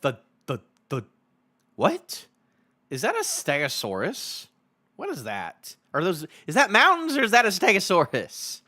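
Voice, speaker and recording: A young man reacting casually and excitably on a live stream, laughing often and repeating his phrases. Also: sits high, a little slow. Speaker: manga review streamer.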